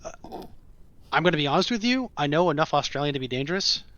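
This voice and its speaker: Bright-voiced man on a dull, lo-fi line. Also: fairly high pitch, lively intonation, quick pace, no echo. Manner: chatty, with frequent short agreeing interjections. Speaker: co-host. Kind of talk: casual podcast chat about tabletop role-playing.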